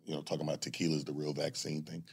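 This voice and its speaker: A man's voice: rumbling low, racing, gravelly, slightly rough. A man in his forties, a stand-up comedian, chatting in an interview and acting out voices as he tells stories. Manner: animated storytelling, acts out voices. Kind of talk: casual interview chat.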